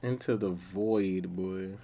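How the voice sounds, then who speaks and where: A man's voice: sits low, takes it slowly, mellow. A man hosting a gaming channel, commenting on gameplay in casual slang with a playful tone. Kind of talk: let's play commentary.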